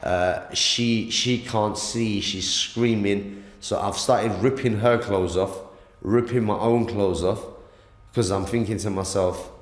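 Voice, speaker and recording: Recorded in an echoey hospital room, a man with a somewhat low voice gives an emotional first-person account of the attack he suffered. He is being interviewed, and his speech halts often with many stammered restarts.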